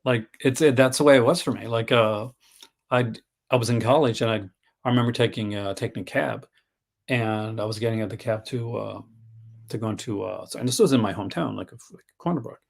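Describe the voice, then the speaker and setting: A talkative man from Newfoundland hosts a relaxed livestream, his accent a blend of general Canadian and Newfoundland sounds. His pitch sits in an ordinary middle range, and he laughs often while he retells stories and acts out the people in them. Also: fairly quick, creaky. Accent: mixed Canadian and Newfoundland. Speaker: host. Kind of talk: casual livestream chat.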